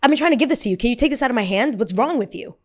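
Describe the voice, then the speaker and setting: A rude female airline passenger who shrieks her demands in a shrill, high voice. She is loud and impatient, snapping as she talks, and a woman acts her out. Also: animated, rapid-fire. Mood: indignant.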